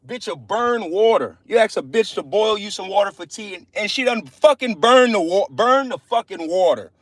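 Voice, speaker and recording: High-voiced man, scornful profane preacher ranting on a livestream, dry close sound. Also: expressive, moderate pace, no room sound. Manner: scornful, profane, quotes scripture.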